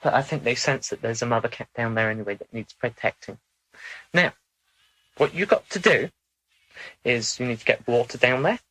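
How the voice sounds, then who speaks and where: A man speaking in a channeling session, measured and instructive, sometimes formal in phrasing. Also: medium pitch, a bit bright, poor audio.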